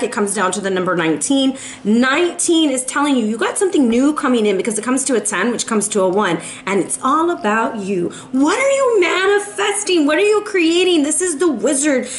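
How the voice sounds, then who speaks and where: A woman's voice: on the high side, animated, a little fast, few pauses, a little hiss or hum. A woman giving a monthly tarot reading to camera, chatty and emphatic, often checking in with her listeners. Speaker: tarot reader.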